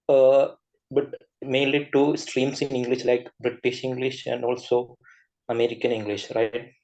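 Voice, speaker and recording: A man's voice: mid-range voice, darkish tone, rough recording. A young man with an Indian accent, a student asking a question on a video call, hesitant with many fillers.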